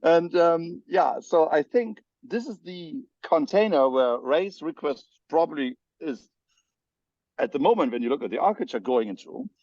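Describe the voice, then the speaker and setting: A man with a German accent talks through technical points in an editors' meeting, pausing often with fillers and restarts. His voice comes over a muffled, lo-fi video call. The sound is dry, with no room echo. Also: a little high, expressive, a little mellow. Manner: hesitant, many fillers and restarts. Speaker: spec editor. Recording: dull lo-fi video call audio.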